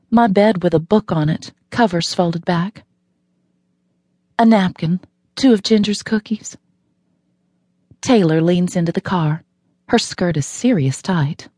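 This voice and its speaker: A woman's voice: fairly low pitch, dark tone, no room sound. A woman narrating a novel in the first person, wry and matter-of-fact, recorded in a studio. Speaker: audiobook narrator.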